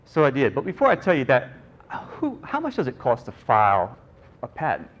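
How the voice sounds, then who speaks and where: A middle-aged nurse entrepreneur gives a conference talk, speaking at a moderate pace in a medium-pitched voice. He's an animated, jokey storyteller, telling his own story and acting out the voices of the people he quotes.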